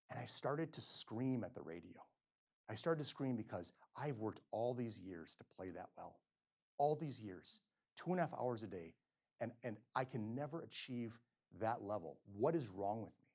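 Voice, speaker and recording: A middle-aged male physician giving a lecture, telling stories and acting out quotes with sudden swings between loud and soft. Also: mid-range voice. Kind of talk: lecture with storytelling. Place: lecture hall.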